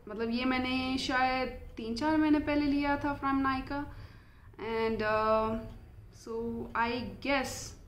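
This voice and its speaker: A woman's voice: a little high, echoey room, slight background noise. A young woman with an Indian accent, chatting casually in a beauty unboxing vlog, mixing English and Hindi. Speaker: beauty vlogger.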